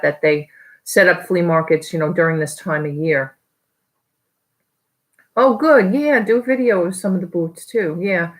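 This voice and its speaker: Brief: talkative woman, New York accent, low-pitched, loose live-stream chat. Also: low-quality recording. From New York area. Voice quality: chatty, rambling, quick to laugh. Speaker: online reseller vlogger.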